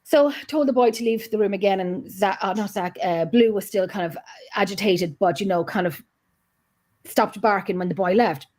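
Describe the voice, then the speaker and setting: A middle-aged Scottish woman chatting in a relaxed, rambling way. Her voice sits at an ordinary middle pitch. She keeps restarting her sentences and breaks into little acted-out quotes as she tells her story. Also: moderate pace. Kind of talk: casual chat.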